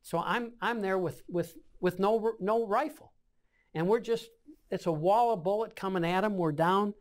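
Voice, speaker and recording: A man's voice: high voice, moderate pace. An older man in his seventies tells his war stories as a veteran being interviewed. He talks in a vivid way and acts out each scene with his own gunfire and explosion sounds. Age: 70s. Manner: vivid storyteller acting out scenes with sound effects. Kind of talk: oral-history war recollection.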